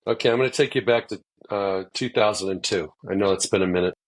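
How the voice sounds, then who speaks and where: A man's voice: fairly low pitch, fast. A man hosting a podcast interview, asking eager, rambling questions. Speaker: podcast host, sports agent.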